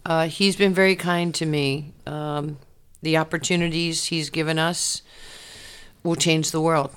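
A woman, a former athlete telling her life story in an interview, animated and laughing often. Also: low voice, a little slow, smooth. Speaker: interview guest, former basketball player. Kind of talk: candid personal storytelling.

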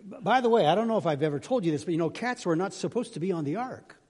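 A man's voice: high-pitched, animated, rapid-fire, a little mellow. An older man preaching as a pastor, chatty and self-deprecating, telling folksy jokes in a sermon. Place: church sanctuary. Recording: reverberant church hall.

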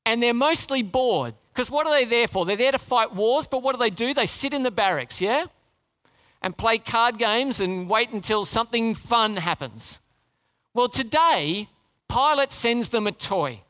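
A man preaching a sermon, retelling a story with rhetorical questions and dramatic drops into a low, quiet voice. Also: lively intonation, measured pace.

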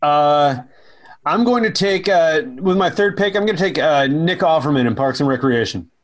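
Male co-host with a fairly high voice, rambles and trips over words. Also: animated, moderate pace. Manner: rambling, stumbling storyteller. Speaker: podcast co-host. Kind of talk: casual comedy chat.

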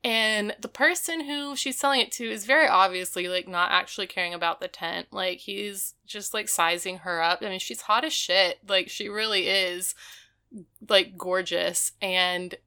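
A woman's voice: mid-range voice, normal speed, pushed and bright, smooth. A woman co-hosting a casual chat, retelling scenes and leaning heavily on "like". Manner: chatty, retells scenes with many "like"s. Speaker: podcast co-host. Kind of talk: casual episode recap chat.

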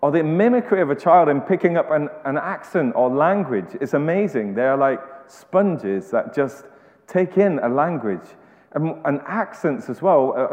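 A man's voice: a little high, a little mellow. A man preaching a sermon in a conversational way, often restarting and repeating words. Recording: echoey hall, slightly dull sound.

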